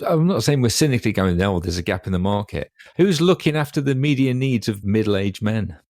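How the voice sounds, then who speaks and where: A man's voice: on the low side, expressive, brisk, a little mellow, no echo. A man, co-hosting a podcast in casual chat with a dry, wry and precise manner. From Derby, England. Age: 50s. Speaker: podcast co-host.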